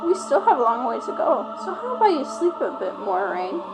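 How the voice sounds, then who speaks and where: A woman's voice: on the high side, big pitch swings, brisk, loud music behind the voice, poor audio. A woman voicing an obsessive young woman kidnapper who talks in a sugary, menacing way. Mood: soothing. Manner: sugary and menacing, calls him "dear".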